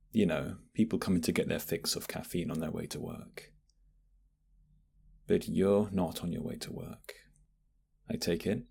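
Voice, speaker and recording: Man doing a flirty barista, whispered role-play, teasing, very deep, husky. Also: full character voice. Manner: flirty, teasing, soft-spoken. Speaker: ASMR roleplay voice actor.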